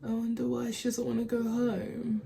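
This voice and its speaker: A woman's voice: a little high, monotone, moderate pace, vocal fry, noisy background. Chatty young woman reacting to a film. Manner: chatty and emotional, many filler likes. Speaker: movie reaction host. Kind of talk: casual reaction commentary.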